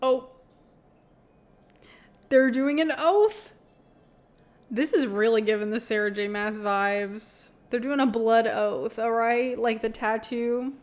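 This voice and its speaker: A woman with a slightly high voice, reading a novel aloud in a casual vlog. She breaks into giggles often. Her asides are blunt and laced with swearing. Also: slow pace, pauses often. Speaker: book vlogger.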